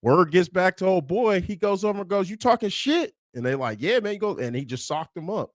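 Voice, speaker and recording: A man from Kansas giving a casual, animated film commentary, swearing freely and acting out the lines he quotes. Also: high voice, a little fast, dry recording. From Kansas, USA. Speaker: movie review YouTuber.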